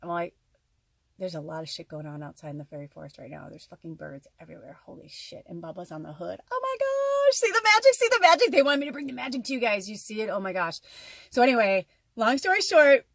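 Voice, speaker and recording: A woman telling a personal story in a casual vlog, excitable, swearing often and acting out her own dialogue. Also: on the low side, no room sound.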